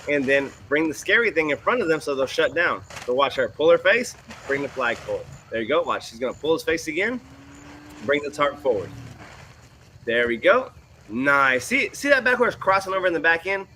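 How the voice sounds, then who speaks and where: A man who trains horses, commenting on student videos in a folksy, animated way. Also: fairly high pitch, slight background noise. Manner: folksy, animated, puts on voices for quoted people and horses.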